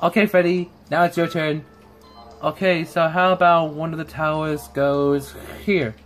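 Woman voicing a smug boy, low voice, slow. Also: steady tone, soft background music. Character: smug young male chess player. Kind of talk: fan-made character voice acting.

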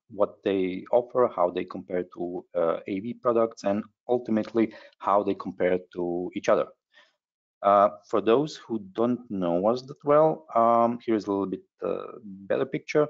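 Guy running a webinar, kinda low voice, lots of uhs, muffled lo-fi sound. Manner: halting, frequent hesitations. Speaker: webinar host. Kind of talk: webinar presentation. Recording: dull lo-fi webinar audio.

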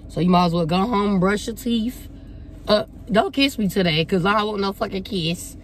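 A woman's voice: medium pitch, normal speed, slight background noise. A young woman pranking her partner on camera, teasing and sing-song in casual banter. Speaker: prank vlogger.

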